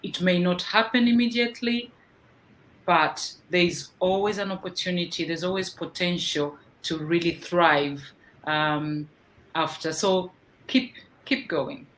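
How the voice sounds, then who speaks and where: A woman's voice: fairly low pitch, a little slow. Earnest encouraging woman, faint hiss. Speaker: guest speaker. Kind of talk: casual online panel chat.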